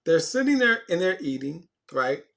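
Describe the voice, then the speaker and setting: A man's voice: fairly high pitch, big pitch swings, normal speed, creaky, sharp tone. A man teaching an informal Bible class in a conversational way, often restarting phrases and stressing key words.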